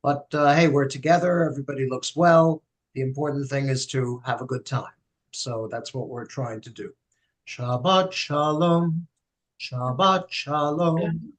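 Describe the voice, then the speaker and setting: A man's voice: medium pitch, steady tone, normal speed. A man leading a Friday night service in a synagogue, telling an old joke in a chatty, joking way. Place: synagogue sanctuary.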